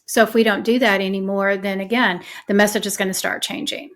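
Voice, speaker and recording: A woman's voice: mid-range voice, fairly even intonation, fairly quick, a bit bright. A woman hosting a podcast interview, talking in an earnest, emphatic way that rambles and repeats itself. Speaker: podcast host. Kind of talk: casual conversational interview.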